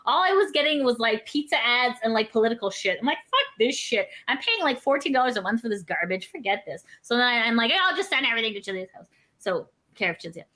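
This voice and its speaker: High, bright, animated woman. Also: fast talker. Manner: rambling, profane, animated storytelling. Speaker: podcast co-host. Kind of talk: casual chat.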